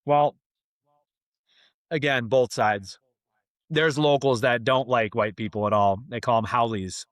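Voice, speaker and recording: A young man telling a story in a casual, animated way, full of slang like "man" and "dude". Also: mid-range voice, measured pace, pauses often, no room sound, clean studio sound. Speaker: guest.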